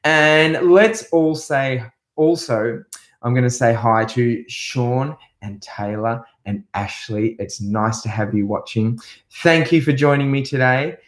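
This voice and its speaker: A man's voice: mid-range voice, takes it slowly. A man teaching a music class to young children, singing a farm song and breaking into animal noises in an upbeat way. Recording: roomy echo.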